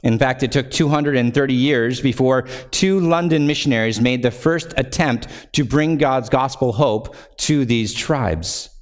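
A male pastor preaching a sermon earnestly, rising to fervent emphasis when reading scripture and slowing to a low close at the end of phrases.

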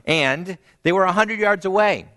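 Man preaching with animated acted-out quotes. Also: moderate pace. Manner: animated, acts out quoted voices with big pitch jumps; repeats key phrases softly for emphasis. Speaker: pastor. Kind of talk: sermon.

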